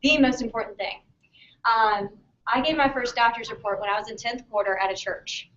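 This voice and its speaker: A woman's voice: a little high, fairly quick, fairly bright tone, slight background noise. A woman chiropractor giving a conversational seminar talk to students, often checking in with a questioning "okay?". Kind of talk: practice-building seminar talk. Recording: distant, muffled mic.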